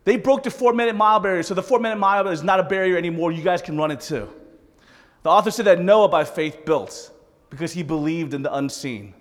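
A man preaching a sermon as pastor, animated and joking in asides to the congregation. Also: high voice, brisk. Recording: reverberant hall.

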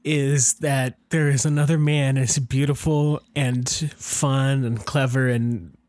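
A male podcast co-host bantering playfully with quick laughs. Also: medium pitch, steady tone, darkish tone, dry recording.

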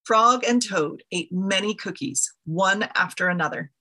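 A woman reads a children's story to her congregation. She tells it in a gentle way. Her voice is bright and noticeably husky. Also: medium pitch, unhurried. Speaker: interim leader of an ethical society. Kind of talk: reading a children's story aloud.

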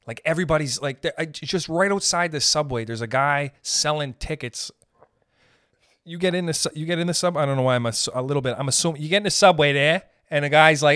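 A man hosting a podcast, ranting in a rambling, profane, comedic way and slipping into quick character voices. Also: a little high, a bit bright, smooth, no echo, clean studio sound. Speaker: podcast host. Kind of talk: casual comedic rant.

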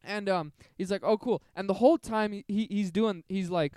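A man's voice: high voice, normal speed, darkish tone, clear, resonant tone, no room sound. A man co-hosting a casual podcast, telling rambling stories and laughing often. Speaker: podcast co-host. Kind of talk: casual chat.

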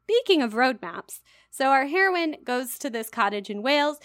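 High-pitched and speaking at a normal speed, this American podcast co-host chats in a dry, clean studio recording. Her casual banter is animated and wry, packed with fillers such as "like."

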